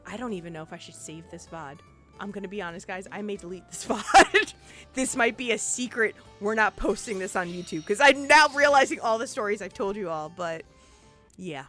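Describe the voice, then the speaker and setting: Young woman streamer from puerto rico, rambly storytelling, lots of swearing, gets loud, faint game music under her. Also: medium pitch, brisk. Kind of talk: casual live-stream storytelling.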